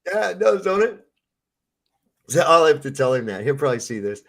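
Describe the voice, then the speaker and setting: A man's voice: on the high side, sing-song, moderate pace, vocal fry. A man telling a long, rambling story in a casual panel chat, swearing freely.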